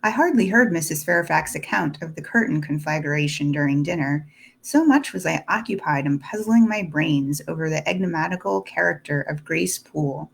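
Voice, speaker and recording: Female audiobook narrator, low gravelly voice, steady classic-novel reading. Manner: steady, deliberate first-person reading.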